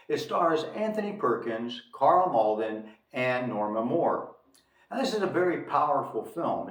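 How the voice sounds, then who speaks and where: A man hosting a casual film review show, telling the plot with lively emphasis. His pitch moves a lot, and the sound is echoey and picked up from far off. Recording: echoey room, distant mic.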